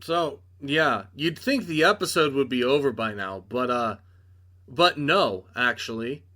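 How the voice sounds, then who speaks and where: A young man gives a casual, sarcastic review recap. His voice is bright and crisp, and his tone is exasperated and dismissive, with frequent shrugs of "whatever.". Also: medium pitch.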